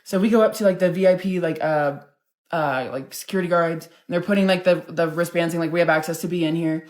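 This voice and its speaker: A woman's voice: lowish voice, quick pace, a little mellow. A young woman from Denver, a content creator telling a storytime vlog in a chatty, profane way, full of filler words. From Denver, United States.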